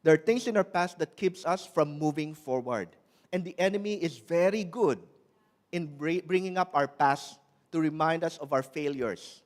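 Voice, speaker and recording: Earnest male preacher, slightly raised pitch, slows for scripture and sometimes restarts words. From Malaysia. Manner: earnest preaching, slowing and pressing on scripture quotes. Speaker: pastor. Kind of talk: sermon.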